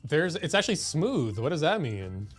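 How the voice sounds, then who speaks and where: A man appearing as a guest on a live stream, showing off items in a deadpan, mock-serious way. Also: on the high side, soft background music. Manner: deadpan, slow mock-serious show-and-tell. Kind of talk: casual live-stream chat.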